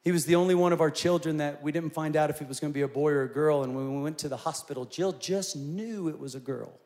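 A man in his forties preaching a sermon, telling personal stories in an animated way and rising to loud, emphatic peaks. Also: fairly high pitch, fast. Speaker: pastor.

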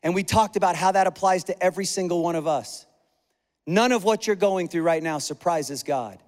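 High-voiced earnest male pastor in echoey hall. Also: moderate pace. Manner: earnest, emphatic preaching with repeated phrases. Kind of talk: sermon.

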